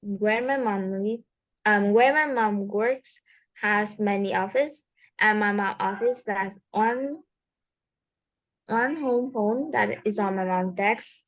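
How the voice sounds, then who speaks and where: Slow, hesitant woman learning English. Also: medium pitch. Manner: slow, hesitant, non-native phrasing. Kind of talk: language lesson, reading aloud.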